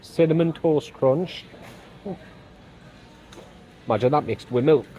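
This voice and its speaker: English man, vlogger, rambling shopping chatter, slightly high voice. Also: takes it slowly, dark tone, a little hiss or hum. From England. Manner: chatty, rambling, many small exclamations. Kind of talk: casual chat while shopping.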